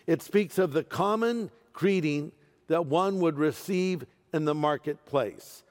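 A fairly high-voiced man delivers a sermon as a pastor, lively and playful, tossing in humorous asides. His voice carries a long reverb, as if recorded in a large church hall. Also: unhurried.

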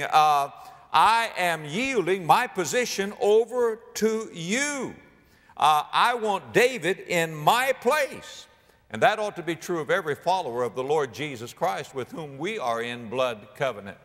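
A man preaching a sermon, dramatic and animated, acting out biblical speakers and rising to near-shouts. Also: a little high, long reverb tail.

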